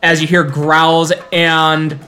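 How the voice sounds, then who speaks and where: A man's voice: on the high side, monotone, takes it slowly, pushed and bright, faint music behind. A man narrating as storyteller of a tabletop role-playing game, loose and casual with fillers.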